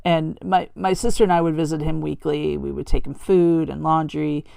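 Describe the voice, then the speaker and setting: Speaking low and level with vocal fry, a middle-aged woman hosts a podcast about her own life in a mellow, clean voice recorded dry in a studio. She's frank and conversational, frequently halting to start sentences over, and raises her voice sweetly when quoting her father.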